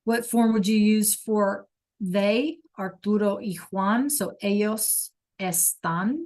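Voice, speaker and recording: A woman teaching a class over a video call, explaining slowly and patiently and checking in with "okay?" all the time. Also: medium pitch, fairly even intonation, darkish tone. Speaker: Spanish teacher.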